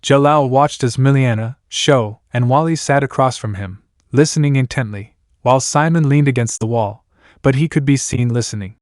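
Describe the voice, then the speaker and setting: A man reading a fan story aloud in steady narration. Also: medium pitch, normal speed, no room sound, clean studio sound. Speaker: fanfiction reader.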